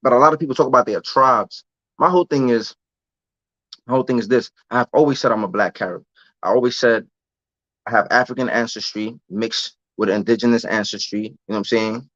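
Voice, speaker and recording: Brisk and medium-pitched, he's a young American venting on a casual live stream, looping back over the same points in loose slang. The dry, dull lo-fi recording carries no room sound.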